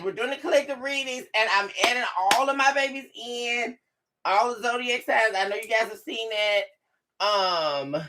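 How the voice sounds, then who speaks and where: A woman hosting a live tarot stream on a webcam mic from home, excitable and laughing often as she chats casually with her viewers. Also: mid-range voice. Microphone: webcam microphone.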